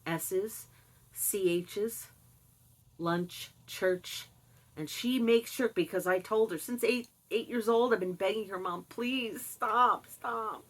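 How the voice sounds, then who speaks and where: An older woman telling a personal story in a casual, candid way, with animated asides and laughs. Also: fairly low pitch, breathy edge, poor audio. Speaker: vlogger sharing personal experience.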